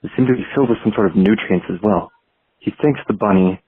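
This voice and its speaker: Husky man rambling a story over the phone. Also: on the low side, no echo. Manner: halting, many restarts. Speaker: caller. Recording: tinny dry phone voicemail.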